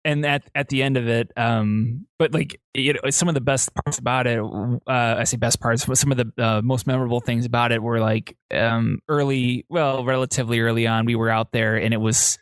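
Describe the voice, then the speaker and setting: A man co-hosting a podcast who tells stories in a casual, rambling way, full of fillers and restarts and excitable at the dangerous parts. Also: mid-range voice, moderate pace, hardly any pauses, clear, resonant tone, no room sound, clean studio sound. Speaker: podcast co-host. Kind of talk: casual chat, storytelling.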